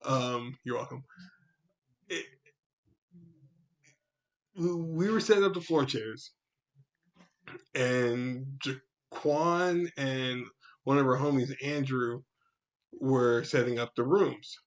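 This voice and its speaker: A man of middle pitch telling a story in a relaxed, casual way, swearing freely. He gets loud and pointed when quoting his own comebacks. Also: slow pace, pauses often. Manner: laid-back, profane, rises into loud retorts. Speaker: podcast co-host.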